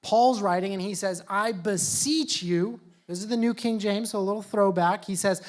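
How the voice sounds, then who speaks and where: A youth pastor preaching to young people in a casual, joking, conversational way. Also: male voice, high-pitched, fairly even intonation, fairly quick, darkish tone. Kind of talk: youth sermon.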